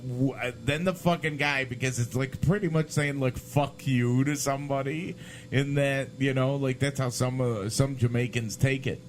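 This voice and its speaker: A man's voice: medium pitch, steady tone, normal speed, slight background noise. A man co-hosting a casual podcast, telling rambling road stories full of swearing and fillers. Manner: rambling storyteller, swears a lot. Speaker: podcast co-host. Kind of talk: casual chat.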